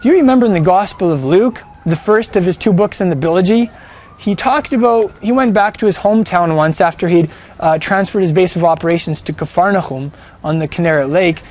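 A man's voice: high voice, darkish tone. A man preaching a sermon, emphatic and fond of rhetorical questions.

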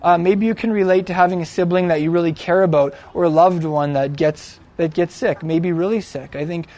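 A man's voice: fairly high pitch, steady tone, fairly quick, mellow. A man casually retelling a Bible story in a conversational way, with lots of fillers and restarts, acting out the quoted lines.

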